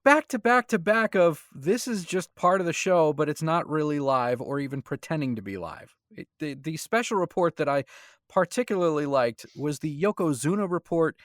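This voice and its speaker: A man co-hosting a casual podcast, his pitch lively and a little high. He makes wry, sarcastic asides, recorded close and dry. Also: moderate pace, no room sound. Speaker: podcast co-host. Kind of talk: casual chat.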